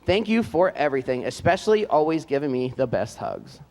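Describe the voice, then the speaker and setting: A man's voice: mid-range voice, big pitch swings, a little fast, noisy background. A man announcing seniors at a live school band event, reading their notes aloud with fillers and light joking asides. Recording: long hall reverb.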